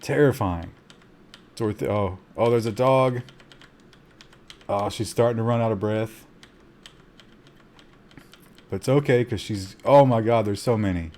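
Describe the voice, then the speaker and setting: A man streaming a survival game, giving live commentary with excitable gasps between calm asides and talking to his chat. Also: lowish voice, unhurried, pauses often. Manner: talks to chat.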